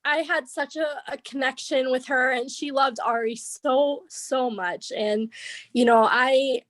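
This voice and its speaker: A young woman sharing halting, tearful memories of her godmother on a video call. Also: high-pitched, fairly even intonation, a bit bright, dry recording. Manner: halting, many fillers, tearful. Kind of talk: emotional memorial tribute.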